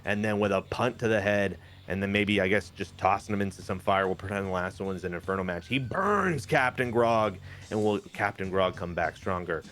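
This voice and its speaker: A man casually telling the story of his wrestling game matches, jokey and animated. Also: brisk, a little hiss or hum. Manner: animated, jokey, briefly puts on high-pitched character voices. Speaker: host booking a wrestling game.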